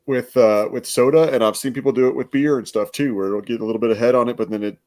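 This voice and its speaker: A man's voice: mid-range voice, steady tone, fast, darkish tone. Chatty man reviewing soda. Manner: chatty, laughs often, rambling explanations. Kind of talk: casual chat.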